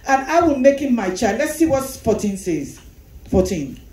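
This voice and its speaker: A woman's voice: high voice, sing-song, normal speed, darkish tone, reverberant, low-quality recording. A woman leading a Sunday school class, explaining a Bible passage, repeating phrases and asking the class questions. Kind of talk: Bible teaching.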